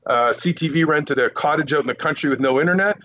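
A man who works as a news correspondent, telling animated stories from the field in a casual podcast interview. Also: a little high, muffled recording, slight background noise. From Quebec Eastern Townships, Canada. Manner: animated anecdotes, quick asides.

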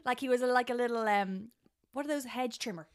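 A woman's voice: fairly high pitch, a little fast, a little hiss or hum. An Irish woman co-hosting a podcast, chatting casually and telling stories animatedly, acting out the voices of people she quotes. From Ireland. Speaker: podcast co-host. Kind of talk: casual chat.

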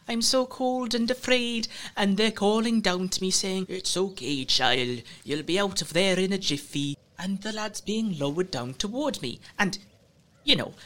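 A man's voice: high voice, pushed and bright, voice pushed up. A man voicing a cruel, chatty trickster ranger who tells stories gleefully and slips into other people's voices. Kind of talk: audio drama acting.

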